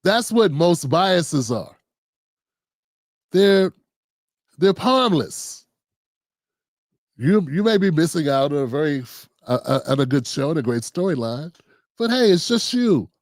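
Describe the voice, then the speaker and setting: This Maryland, USA man is a livestream host delivering a casual monologue, sprinkling in "you know what I'm saying" again and again. He speaks a little high and sing-song, unhurried, with long pauses and no room sound.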